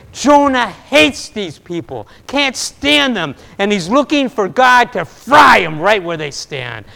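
A man preaching a sermon, telling a story with animation and swinging between loud and soft delivery. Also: extremely high pitch, gravelly, clear, resonant tone. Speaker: pastor. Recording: long reverb of a large hall.

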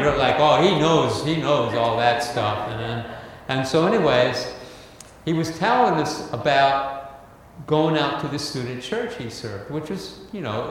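Folksy pastor in an echoey church. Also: male voice, medium pitch, fairly bright tone, slight background noise. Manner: humorous storytelling, folksy. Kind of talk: sermon. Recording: echoey hall with long reverb, faint ambience.

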